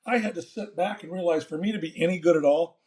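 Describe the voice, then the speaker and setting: An older man, a former baseball manager, telling a folksy, animated story in an interview and acting out the dialogue. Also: sits high, quick pace.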